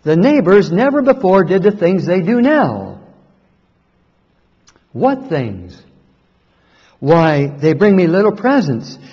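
A poor, devout old woman, plain-spoken and trusting, as a male storyteller puts her on. The voice sits high and moves lively, with a husky edge. It comes from a dull recording with a long reverb trailing each phrase. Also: exaggerated voice. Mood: wondering. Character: poor devout elderly woman, cheerful and determined.

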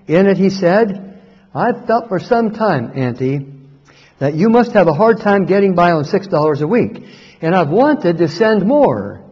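A poor, devout old woman, plain-spoken and trusting, as a male storyteller puts her on. The voice sits high and moves lively, with a husky edge. It comes from a dull recording with a long reverb trailing each phrase. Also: exaggerated voice. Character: poor devout elderly woman, cheerful and determined.

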